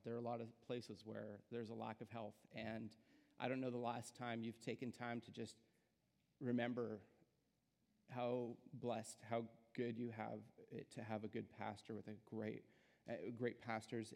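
A man's voice: medium pitch, creaky. A young adult man giving a guest sermon in a church, casual and self-deprecating, with plenty of filler words. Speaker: guest preacher. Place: church sanctuary. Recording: church hall with long reverb.

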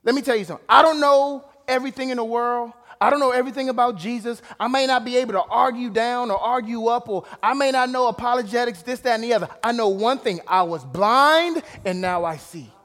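A man preaching a sermon, casual and direct, dropping to low asides and rising to shouted emphasis. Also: fast, hardly any pauses. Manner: casual, calls out to listeners. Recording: long hall reverb.

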